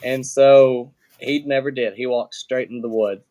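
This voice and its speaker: On a podcast as a guest, a man tells a casual story at an easygoing, unhurried pace. He speaks plainly and meanders, with plenty of fillers and restarts and the occasional swear word, his voice sitting at a middle pitch.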